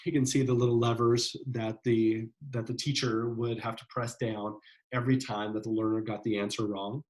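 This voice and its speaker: A man's voice: mid-range voice, level tone, normal speed, darkish tone, rough recording. Conversational male psychology lecturer. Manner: conversational, many fillers and "right?" checks. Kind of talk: classroom lecture.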